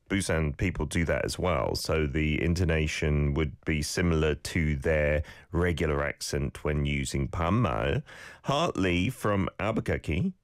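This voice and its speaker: A middle-aged man with a very low voice that still swings widely in pitch, explaining pronunciation in a casual, chatty lesson. The sound is dry and close, with no room echo. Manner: chatty, explanatory, reads out viewer comments. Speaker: language teacher and host.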